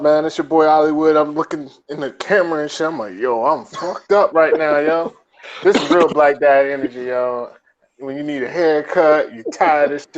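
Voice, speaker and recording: A man co-hosting a podcast who trades loose, slangy jokes. His voice sits fairly high for a man. The recording sounds dull and lo-fi. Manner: loose, joking, slangy banter. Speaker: podcast co-host. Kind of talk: casual podcast chat.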